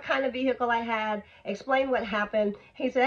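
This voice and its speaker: A woman vlogger telling an animated, emphatic storytime, on a dull lo-fi recording. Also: on the high side, moderate pace. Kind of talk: storytime vlog.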